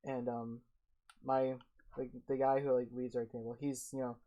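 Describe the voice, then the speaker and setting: A quiet young man co-hosting a podcast, telling a work story in a hesitant casual way. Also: medium pitch, little pitch movement, normal speed, lo-fi sound. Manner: quiet, soft-spoken, hesitant. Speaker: podcast co-host. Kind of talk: casual chat.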